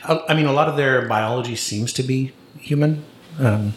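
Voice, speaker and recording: An easygoing man talks through ideas at a relaxed pace on a podcast. His voice sounds roomy and echoey, with faint background noise. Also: mid-range voice, normal speed. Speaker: podcast co-host and editor. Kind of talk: casual chat.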